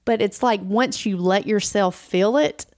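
A woman's voice: mid-range voice, measured pace, darkish tone, no room sound, clean studio sound. A woman co-hosting a casual chat, talking earnestly and encouragingly, repeating phrases for emphasis. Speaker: podcast co-host.

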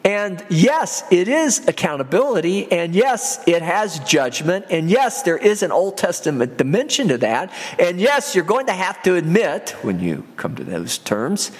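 Male podcast preacher, slightly high voice, chuckles between points, in a reverberant room. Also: very animated. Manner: slow, deliberate reading of scripture with frequent chuckles. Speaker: podcast Bible teacher. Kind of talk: sermon-style Bible teaching podcast.

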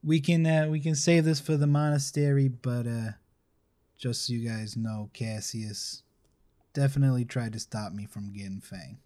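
A man playing a tabletop role-playing game, laid-back and quick to laugh. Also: mid-range voice, dark tone. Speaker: player. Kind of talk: casual tabletop role-play.

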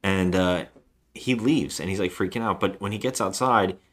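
On a podcast he co-hosts, a man with a low-pitched, slightly bright voice recaps a movie at a normal pace. The retelling rambles loosely, and he performs lines from the film as he goes.

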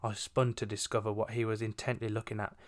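A woman's voice: very deep voice, little pitch movement, fast. Giggly chatty woman reading fanfic. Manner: giggly, chatty, lots of fillers. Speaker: podcast co-host. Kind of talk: casual chat, reading fan fiction aloud.

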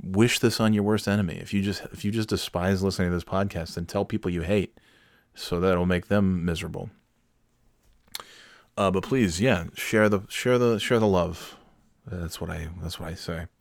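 Deep-voiced man, crude sarcastic podcaster. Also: steady tone, moderate pace, gravelly, dry recording, clean studio sound. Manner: sarcastic, crude and rambling, mock-sincere. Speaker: podcast host. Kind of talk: casual solo podcast outro. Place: at home on a Sunday night.

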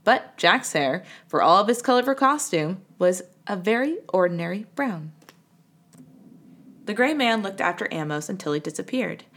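A woman reading a children's storybook aloud with an expressive delivery. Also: mid-range voice, moderate pace. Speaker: reader.

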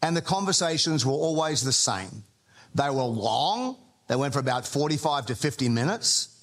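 Pastor telling stories. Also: male voice, mid-range voice, sing-song, moderate pace. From Australia. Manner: conversational storytelling with humour. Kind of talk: sermon.

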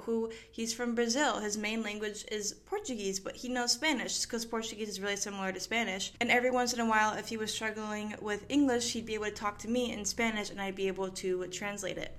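A woman's voice: a little high, a bit bright. A young woman who grew up in Mexico hosts a personal podcast monologue. She talks in a reflective way and often uses fillers like "like" and "I guess". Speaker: podcast host.

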